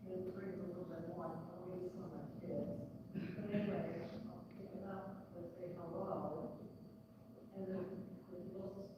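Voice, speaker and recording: A man's voice: sits high, fairly even intonation. Guy in the crowd stumbling through his story, heavy echo, long reverb. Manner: halting, hesitant. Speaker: audience member. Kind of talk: telling a story from the audience. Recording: distant, echoey hall with loud noise.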